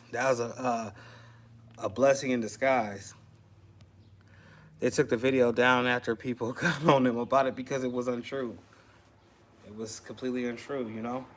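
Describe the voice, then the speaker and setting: A man's voice: medium pitch, fairly bright tone. A man, chatting casually to camera in a rambling, laid-back way. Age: 40s. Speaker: custom shirt maker vlogger.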